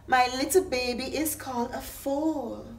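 A woman voicing a cheerful mother horse in a storybook reading, with high, laughing neighs. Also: measured pace. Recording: echoey room, faint noise.

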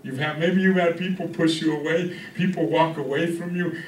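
A man's voice: on the high side, steady tone, normal speed, hardly any pauses. Preaching man in an echoey church. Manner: conversational preaching with call-outs to the congregation. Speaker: pastor. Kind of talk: sermon. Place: church hall. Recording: echoey room from a distance.

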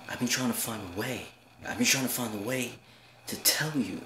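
A man's voice: medium pitch, normal speed, bright, forceful tone, close to an everyday voice. An actor playing an evasive young man who stammers and repeats himself, brushing people off and flaring into anger, in a short film. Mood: defensive. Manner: evasive and dismissive, flares into anger. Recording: roomy echo, distant mic, background hiss.

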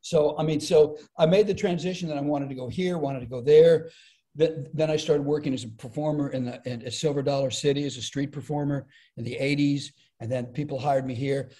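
Middle-aged comedian, animated storyteller, slightly high, mellow tone. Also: male voice, a little fast. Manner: animated, acts out quoted voices. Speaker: comedian and speaker, podcast guest. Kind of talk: storytelling in conversation.

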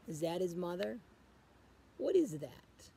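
A man reading a picture book aloud to children as a guest reader, pausing often to ask the children questions. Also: high voice, vocal fry, mellow, breathy edge.

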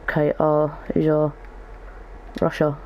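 A man's voice: fairly high pitch, completely flat delivery, slow, highs cut off, slight background noise. A young man giving casual gaming commentary as a YouTuber, thinking aloud as he goes. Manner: chatty, thinks aloud while opening packs.

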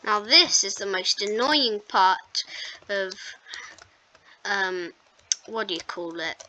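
Woman gaming host, bright tone, rambling self-mocking commentary, faint noise on the mic. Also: mid-range voice, expressive, slow. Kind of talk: casual gameplay commentary.

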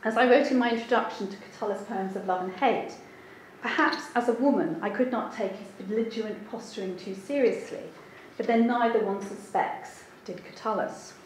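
A woman's voice: fairly high pitch, normal speed. A woman translator giving an academic seminar talk, thoughtful and hedging with frequent ums. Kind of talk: academic lecture. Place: lecture room. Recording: very echoey room with faint background hiss.

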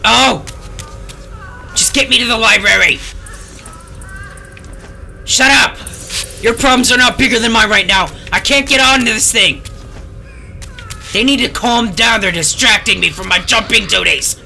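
A man giving gameplay commentary, sarcastic and frustrated, yelling at the game. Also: high voice, unhurried, creaky, pauses often. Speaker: let's play gamer. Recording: game music behind the voice. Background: game music.

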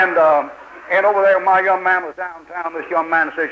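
Fiery older preacher on old tape. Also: male voice, on the high side, fairly quick, lo-fi sound, background noise. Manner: fiery, rhetorical questions, folksy grammar. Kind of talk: sermon.

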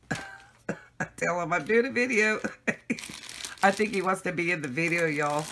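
Slow-talking bright woman vlogger. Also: lowish voice, lively intonation, a little hiss or hum. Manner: chatty, giggly, talks to viewers as y'all. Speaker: craft vlogger. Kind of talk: casual unboxing chat. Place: home.

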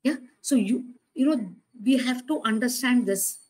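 A woman delivers a sermon in a loose, conversational way. Her voice sits a little high, and she leans on rhetorical questions and repeated words to drive her points home. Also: unhurried, a little mellow, breathy edge, rough recording. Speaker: preacher.

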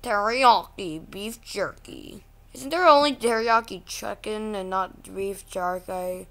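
Slow, ranting young woman vlogger. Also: medium pitch, fairly bright tone. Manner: ranting, easily exasperated, slow-talking. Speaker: channel host. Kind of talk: casual vlog commentary.

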